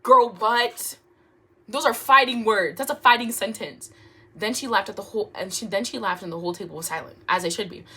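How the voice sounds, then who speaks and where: A young woman reads online stories aloud in a room at home, casually breaking off for laughing asides and jokes. Her medium-pitched voice is a little fast with a breathy edge, animated, and she trips over words now and then.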